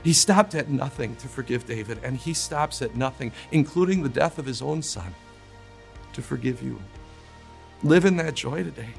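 A man's voice: medium pitch, expressive, moderate pace, gravelly, soft background music. A man preaching a sermon in an earnest, emphatic way, often restarting his words as he pushes a point home. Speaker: pastor.

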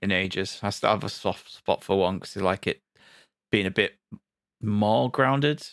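Low gravelly man, laid-back. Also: measured pace, fairly bright tone, no room sound, clean studio sound. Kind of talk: casual chat.

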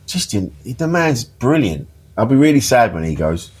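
A man's voice: mid-range voice, very animated, moderate pace, darkish tone, slightly rough. A man, a podcast guest telling funny stories in casual chat, laughing often and swearing freely. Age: 50s. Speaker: interview guest.

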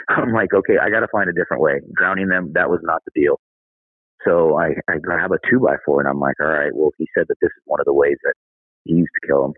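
Deep-voiced, husky man, a candid podcast guest telling a story, thin phone-line sound. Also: brisk, no room sound. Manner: candid, conversational, says "dude". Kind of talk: casual storytelling.

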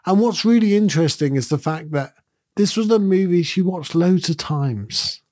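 A man's voice: sits high, lively intonation, normal speed, darkish tone, dry recording, clean studio sound. A middle-aged man, a podcast host, giving a thoughtful and earnest reflective monologue in a conversational way.

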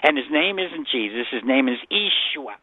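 A man's voice: mid-range voice, lively intonation, fairly quick, no room sound. Man, guest scholar, call-in radio, earnest explaining, tinny phone line, dry. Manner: earnest, explanatory, repeats himself. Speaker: guest Bible scholar answering callers.

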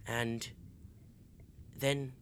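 A man's voice: medium pitch, flat delivery, extremely slow, a bit bright, slight background noise. Man doing a proud, bitter old count. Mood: grave.

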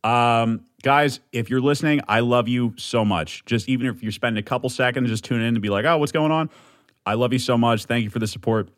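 A young man in a solo podcast teaser, talking in a manic, rambling rush full of swearing. His voice sits at a middling pitch and is recorded close and dry, with no room sound. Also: fairly even intonation, a little fast, hardly any pauses, dry recording. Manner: manic, rambling, swearing, bursts of shouting and laughter. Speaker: podcast host.

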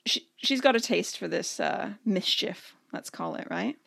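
A woman in her thirties from Canada co-hosting a podcast, telling a story in a chatty, animated way and often laughing. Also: mid-range voice, unhurried, gravelly, slightly rough. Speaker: podcast co-host. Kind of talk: casual storytelling chat.

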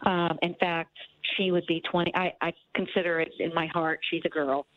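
A woman caller on a tinny phone line, her voice a little low. She speaks earnestly and haltingly, stumbling over repeated words. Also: level tone. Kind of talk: personal testimony on radio.

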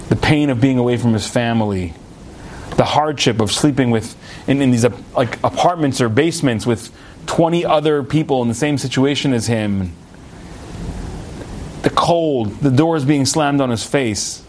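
A young American man giving a storytelling Torah talk, chatty and animated, with restarts and asides. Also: medium pitch, normal speed, slight background noise. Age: young adult. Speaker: rabbi.

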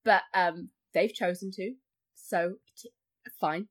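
A woman's voice: on the low side, steady tone, slow pace. A woman talking as a guest on a podcast in casual chat. She fills her talk with "like" and often acts out other people's voices. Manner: chatty, full of likes, acts out voices.

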